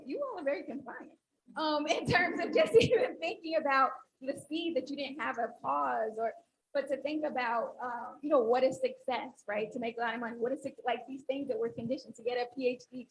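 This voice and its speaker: A woman academic speaks on a panel in a high, gravelly voice. She talks with animation and walks the audience through an exercise step by step. A faint hiss sits under the recording. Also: a little fast, poor audio. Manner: animated, instructive, audience-engaging.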